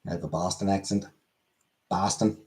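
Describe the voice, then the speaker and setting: A man hosting a livestream, chatting casually and reading out chat messages in a laid-back, halting way that repeats itself. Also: low-pitched, fairly even intonation, warm tone. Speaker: livestream host. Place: small room lit by many studio lights.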